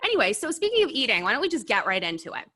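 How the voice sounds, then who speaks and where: Woman host eating wings n chatting, bright forceful voice, blunt n lively. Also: fairly high pitch, racing. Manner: eats while talking, animated and blunt. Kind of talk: casual food review chat.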